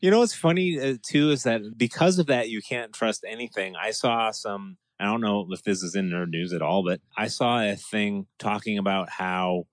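A man's voice: fairly low pitch, normal speed, hardly any pauses, dry recording. A man co-hosting a casual podcast chat, talking animatedly and acting out what people said. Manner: animated, acts out quoted lines. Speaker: podcast co-host.

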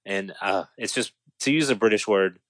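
A podcast co-host tells a story in a casual chat, full of energy, his voice climbing high and breaking into laughter as he gets excited. He speaks at a moderate pace, with no room sound.

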